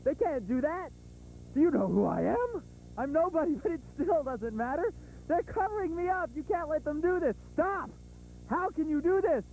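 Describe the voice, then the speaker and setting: A man clowning on camera, delivering a deadpan parody news report and then a mock outraged rant. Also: very high voice, normal speed, a little hiss or hum, poor audio. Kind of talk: mock-dramatic joke report.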